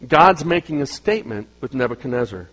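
A middle-aged man preaching a sermon, swinging between loud emphasis and quiet asides. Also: medium pitch, sing-song, brisk, low-quality recording. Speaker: pastor.

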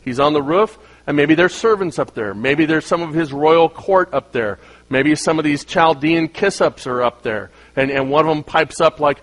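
A middle-aged man preaching a sermon, swinging between loud emphasis and quiet asides. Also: a little high, lively intonation, normal speed, hardly any pauses, poor audio. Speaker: pastor.

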